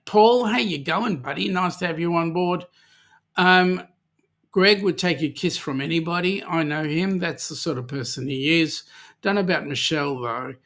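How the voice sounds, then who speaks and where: An Australian man hosts a livestream, casually chatting and reading viewer comments aloud with lots of ums. His voice sits high and is bright and forceful.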